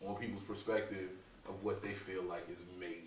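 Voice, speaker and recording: Animated low-voiced man, echoey distance. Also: moderate pace. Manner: animated, laughing, profane, slangy. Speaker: comedian guest. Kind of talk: casual interview storytelling. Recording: echoey room, distant mic, faint noise.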